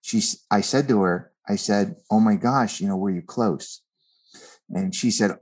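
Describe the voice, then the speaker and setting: A man's voice: on the low side, normal speed, darkish tone. A man, a guest and author, telling a personal story in an earnest conversational way, often repeating words as he starts a thought.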